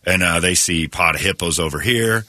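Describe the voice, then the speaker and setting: Male radio host, deep and forceful, dry studio sound, rambling animated storyteller. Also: normal speed, no echo. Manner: animated retelling with many restarts and fillers. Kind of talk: casual storytelling chat. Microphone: studio microphone.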